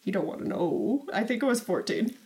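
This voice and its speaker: A woman's voice: medium pitch, expressive, a little fast, dark tone. A young woman co-hosting a casual chat, reading old diary entries aloud in a playful, teasing way.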